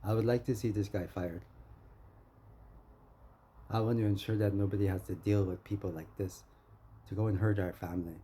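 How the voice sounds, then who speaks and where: Man, very dark husky voice, rambling confrontational rant, low-ish pitch. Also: steady tone, moderate pace, long pauses. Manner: confrontational, rambling, keeps calling the listener "friend". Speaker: vlogger. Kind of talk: ranting monologue.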